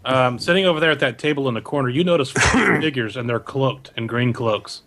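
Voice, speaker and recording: A man's voice: mid-range voice, fairly quick, a bit bright. Laid-back man running a tabletop game. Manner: casual, laughs often. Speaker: game master. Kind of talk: tabletop game narration, ad-libbed.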